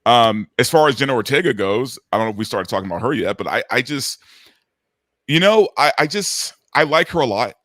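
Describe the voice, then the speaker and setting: A laid-back man chatting as a guest on a live stream, casual and easygoing, often tossing in "man" and "right". His voice has a middle pitch and sounds close and dry. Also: expressive, fairly quick, a bit bright, no echo. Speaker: guest channel host. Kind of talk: casual chat.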